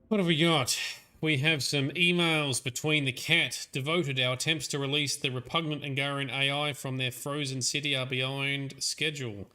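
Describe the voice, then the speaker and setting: A man's voice: medium pitch, steady tone, moderate pace, pushed and bright. A man with an Australian accent giving chatty, laughing commentary over a game livestream. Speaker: streamer. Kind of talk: let's play commentary.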